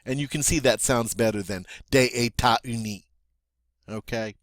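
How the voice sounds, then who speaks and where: A man teaching French pronunciation, explaining slowly and checking in with "okay?" and "all right?" as he goes. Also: lowish voice, no room sound, clean studio sound. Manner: slow, deliberate, with many fillers and check-ins like "okay?". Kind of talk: pronunciation lesson.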